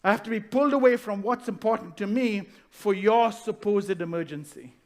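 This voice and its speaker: Pastor, male, higher-pitched voice, sermon delivery, slows down on key lines, asks the room questions. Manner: rhetorical questions, slows down to stress key phrases.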